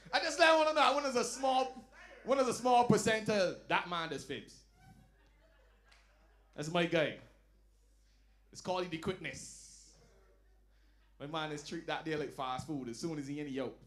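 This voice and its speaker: A man performing a stand-up comedy set, telling loud, animated stories and dropping into low asides. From Barbados. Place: lounge comedy night.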